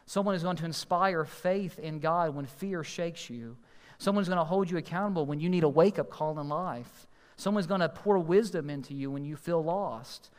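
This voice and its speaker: A man's voice: on the high side, smooth. Earnest preacher man with a raised voice. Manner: earnest, emphatic preaching with slow stressed phrases. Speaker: pastor. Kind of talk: sermon. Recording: long hall reverb.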